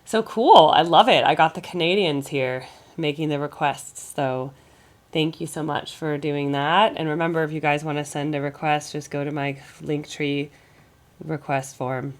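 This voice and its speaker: A low-pitched American woman speaking at a moderate pace, with little movement in her pitch, hosts a music reaction channel. Getting over a cold, she chats casually and rambles while working through her thoughts aloud.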